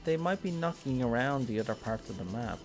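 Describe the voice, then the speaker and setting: A man's voice: medium pitch, expressive, fairly quick, faint music behind. Chatty Irish man streaming a game. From Ireland. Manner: chatty, rambling, thinking aloud with many ums. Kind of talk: casual live-stream gameplay commentary.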